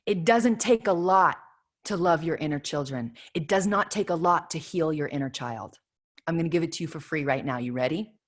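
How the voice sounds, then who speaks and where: A woman's voice: low-pitched, normal speed. A woman in her thirties giving an earnest inspirational spiritual talk as leader of an online prayer circle, repeating affirmations with emphasis. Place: home video call.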